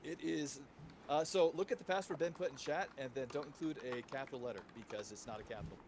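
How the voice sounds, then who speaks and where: A man's voice: mid-range voice, fast. Wry, joking man from Oregon. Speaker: livestream co-host. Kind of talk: casual chat. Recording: noisy home mic.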